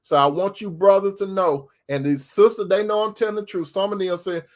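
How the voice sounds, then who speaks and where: A man's voice: high voice, steady tone, fairly quick. A man, host of his own faith talk, speaking in a folksy way that repeats phrases and calls out to his brothers and sisters. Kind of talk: casual preaching talk to viewers.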